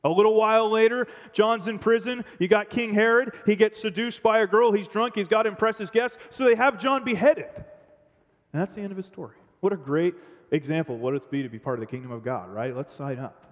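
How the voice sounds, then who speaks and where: High-voiced preacher in a reverberant hall. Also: male voice, brisk. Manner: dramatic, swings from loud to hushed. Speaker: pastor. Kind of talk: sermon.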